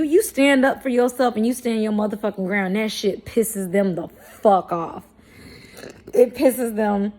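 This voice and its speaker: A woman vlogger from St. Louis speaks straight to her viewers in a loose storytime monologue. Her talk is blunt and full of swearing and street slang. She stays animated and laughs now and then at her own points, in a middle-pitched voice. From St. Louis, Missouri, USA.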